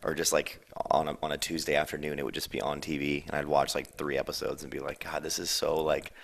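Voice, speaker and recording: A young man from San Diego answering rapid-fire questions in a casual, rambling chat. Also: extremely low pitch, little pitch movement, gravelly, fairly bright tone. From San Diego, USA. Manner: rambling, laid-back, lots of fillers. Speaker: band member answering questions.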